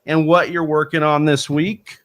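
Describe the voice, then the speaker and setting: A man hosting a live stream, reading out viewer questions and passing them to his guests. His voice is bright and forceful and sits a little high. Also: flat delivery, unhurried. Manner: reads viewer questions, moderates. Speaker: host. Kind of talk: casual live-stream chat.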